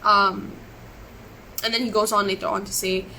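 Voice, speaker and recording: On a live stream picked up by a webcam or phone, an upset, emotional woman recounts events, rambling and restarting her sentences over and over. Her mid-range voice stays fairly flat in pitch at a moderate pace, sounding pushed and bright. The recording is low quality, with a little hiss or hum.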